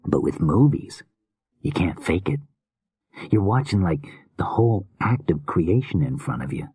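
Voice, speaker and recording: Whispered role-play, a man doing a slurred obsessive killer, very deep husky hush, dry close sound. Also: very animated, a little slow, dry recording, exaggerated voice. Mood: fervent. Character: unhinged male killer filmmaker, weary and obsessive.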